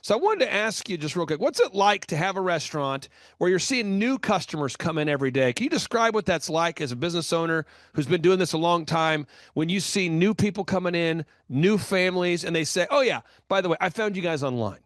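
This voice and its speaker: A man hosting a business talk show, telling stories in an energetic, emphatic way with quick bursts of speech. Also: high voice, no room sound, clean studio sound. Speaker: host.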